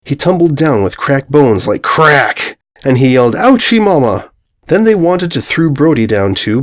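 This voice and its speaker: A man giving a comedic, mock-serious reading of a fan fiction story, narrating deadpan. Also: mid-range voice.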